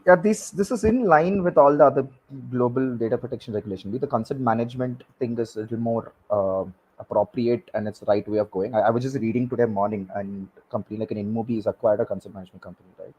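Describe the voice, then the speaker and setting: A man, speaking as a guest expert on a panel, halting and repeating words with many fillers. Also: mid-range voice, darkish tone, husky, poor audio. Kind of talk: panel discussion.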